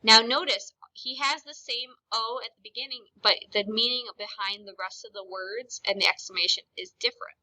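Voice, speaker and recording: Bright, high-voiced woman teaching a lesson. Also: normal speed, few pauses, rough recording. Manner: explanatory, addresses students directly. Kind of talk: recorded classroom lesson.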